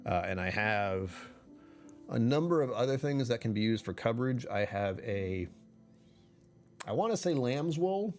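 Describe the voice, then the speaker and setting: A man's voice: mid-range voice, animated, measured pace, pauses often, soft background music. A man chatting casually on a livestream, rambling and correcting himself, often laughing mid-sentence.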